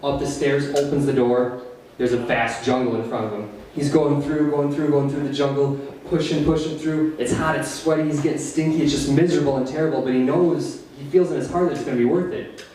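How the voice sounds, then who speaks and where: This open mic set in a small cafe features a man with an Upper Midwest American accent whose rambling, self-deprecating jokes come with nervous laughter. He sounds mellow and brisk, with a medium pitch and steady tone. Picked up by a distant mic, his stand-up echoes heavily around the room over a faint hiss.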